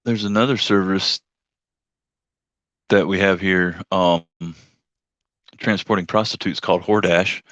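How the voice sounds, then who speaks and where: Man, very low voice, casual livestream storytelling, rambling and jokey, dry slightly dull audio. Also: fairly even intonation, unhurried, long pauses, fairly bright tone, no room sound. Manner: rambling, joking, acts out quoted voices. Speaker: livestream host and rideshare driver.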